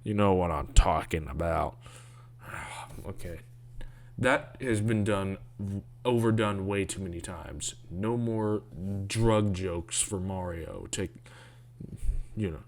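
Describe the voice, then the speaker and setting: A man's voice: sits low, takes it slowly. A man giving casual, rambling commentary on a video, sarcastic and grumbling, with mocking asides.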